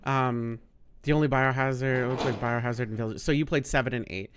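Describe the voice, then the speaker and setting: A man's voice: medium pitch, steady tone, brisk, a little hiss or hum. A man streaming a video game, joking, swearing and laughing often as he comments. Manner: jokey, laughs a lot, swears, voice jumps around. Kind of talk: casual gameplay commentary.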